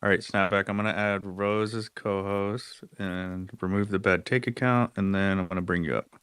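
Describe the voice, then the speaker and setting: Joking bro-talk host, dry sound. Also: male voice, sits low, steady tone, normal speed, fairly bright tone, clear, resonant tone, dry recording. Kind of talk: casual chat.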